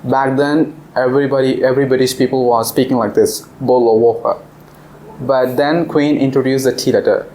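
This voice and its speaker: A man's voice: medium pitch, fairly even intonation, fairly quick, few pauses, a little mellow, low-quality recording. Young guy teaching a class, chatty and laughing a lot, some faint noise behind. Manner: chatty, laughs often, explains step by step. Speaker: visiting language teacher. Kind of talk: casual classroom discussion. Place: classroom in a language club.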